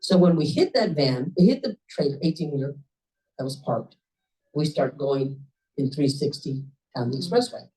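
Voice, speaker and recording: A woman at a club meeting telling a personal story in a lively, conversational way, often jumping up in pitch for emphasis. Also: moderate pace. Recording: voice a bit distant from the mic.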